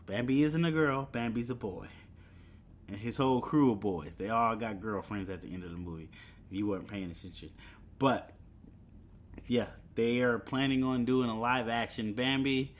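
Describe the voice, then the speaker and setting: A man's voice: medium pitch, normal speed. Casual chatty podcast host man. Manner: casual, chuckling, rambling with fillers. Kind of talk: solo podcast news chat.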